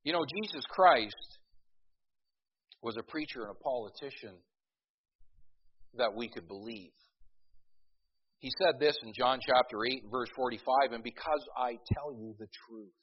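A middle-aged pastor preaching a sermon in a folksy, storytelling way, with many restarts and emphatic peaks. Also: male voice, medium pitch, unhurried, long pauses, slightly rough. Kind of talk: sermon with a humorous opening story. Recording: dull lo-fi recording.

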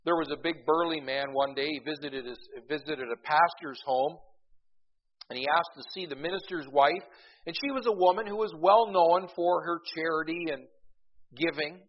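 A man preaching a sermon in a conversational way, often repeating words as he goes and swelling louder for emphasis. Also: fairly high pitch, moderate pace. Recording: dull, lo-fi recording.

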